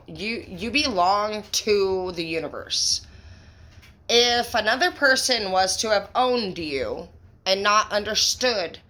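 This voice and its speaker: A woman with a bright, forceful voice gives a tarot reading straight to her viewers. She talks excitably, swears freely and piles on emphatic praise and pet names like baby and bro. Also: lowish voice. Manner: affectionate pet names, conversational fillers. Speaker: tarot reader.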